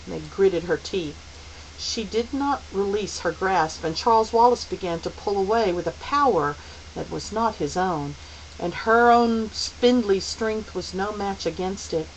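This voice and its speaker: A woman narrating a novel aloud as an audiobook reader, steady and unhurried. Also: lowish voice, a little hiss or hum, rough recording. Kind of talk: storybook narration.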